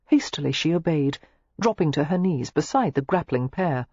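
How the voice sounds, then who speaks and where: An audiobook narrator reading a novel aloud in an expressive, scripted style. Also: normal speed, husky, no room sound. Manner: expressive, shifting pitch through the narration. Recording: dull lo-fi dry recording.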